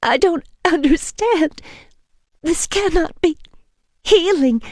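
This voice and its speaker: A woman voicing a frightened young woman who speaks in a high, pleading, panicky voice. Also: big pitch swings, a little fast, mellow, husky, no room sound, studio quality. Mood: distraught.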